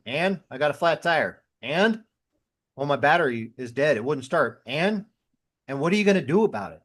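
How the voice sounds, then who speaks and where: A man's voice: fairly high pitch, fairly bright tone. A man talking as a podcast guest who was a firefighter. He tells everyday stories and acts out his own inner voice in quotes. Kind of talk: casual conversational podcast talk.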